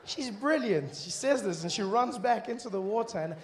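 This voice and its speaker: A man from Africa doing a stand-up comedy set, animated, acting out characters in funny voices and sometimes breaking into shouts. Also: moderate pace. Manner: animated, acts out high-pitched characters, bursts into shouting. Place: comedy stage before a laughing audience.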